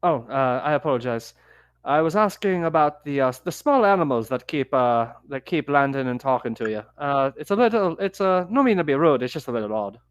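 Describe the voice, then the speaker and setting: A man playing a polite, flattering male prisoner with an odd accent, talking haltingly with many fillers. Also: medium pitch, clear, resonant tone, no echo, clean studio sound, close to an everyday voice. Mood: puzzled polite. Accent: odd put-on accent. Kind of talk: tabletop game role-play.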